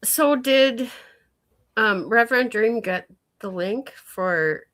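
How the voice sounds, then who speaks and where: A woman's voice: a little high, expressive, takes it slowly, a bit bright. A woman in a casual livestream chat, chatty and teasing with frequent laughter.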